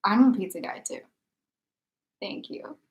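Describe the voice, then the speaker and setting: A woman's voice: unhurried, a little mellow. A woman co-hosting a casual stream, playful and giggly, often dropping to a whisper. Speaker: co-host. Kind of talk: casual chat. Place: indoor stream setup under hot lights.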